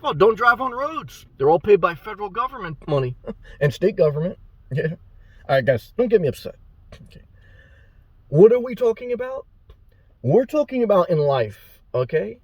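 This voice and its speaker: A man's voice: high voice, dark tone, no room sound, muffled recording. A man giving a rambling, blunt and profane monologue to his viewers as a motivational YouTuber.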